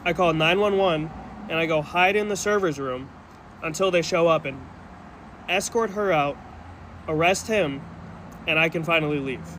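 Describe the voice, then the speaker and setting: A man with a rather high voice recounts his own experience as casual first-person storytelling. He sounds earnest and still shaken, and he speaks in a quick retelling manner. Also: a bit bright, a little hiss or hum. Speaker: storyteller in a social media clip.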